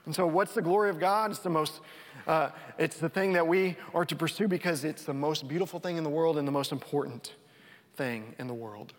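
A man preaching a sermon as a pastor, in a conversational way, often restarting and repeating words and dropping to a soft voice for emphasis. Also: fairly high pitch, fairly quick. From North Texas. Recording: reverberant hall.

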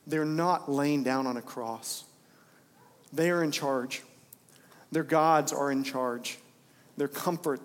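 A young man preaching from the platform with fervent conviction, driving his points home by repeating them. His voice sits a little high for a man. It rings out with the long, lingering reverb of a church sanctuary. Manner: impassioned, repeating phrases for emphasis. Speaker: pastor. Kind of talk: sermon.

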